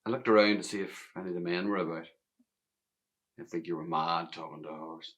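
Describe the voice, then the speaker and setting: A man's voice: deep voice, fairly even intonation, brisk. A man playing a wistful Northern Irish stableboy. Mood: reflective. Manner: reflective, intimate, often hushed. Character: grown stableboy remembering his youth, wistful. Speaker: actor in a one-man play. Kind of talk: theatrical monologue narration.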